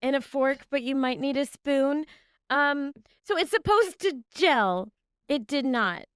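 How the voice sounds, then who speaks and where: A high-voiced woman hosting a casual podcast chat, her pitch leaping all over as she laughs at her own baking mishaps. She is close on a dry studio mic with no room sound. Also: a little slow, dry recording. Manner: animated, giggly, self-deprecating. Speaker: podcast co-host, baker.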